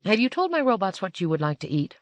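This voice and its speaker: A woman reading the part of an older aristocratic woman, curious and a bit haughty, with a lively, inquisitive delivery. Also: mid-range voice, fast, no echo, voice pushed up, lightly acted. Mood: playful.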